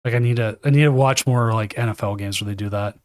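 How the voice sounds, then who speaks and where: A fast-talking man with a lowish voice hosts and casts a live card game tournament from his home desk, recorded in studio quality with no room sound. His casual commentary is chatty and rambling, and he corrects himself along the way.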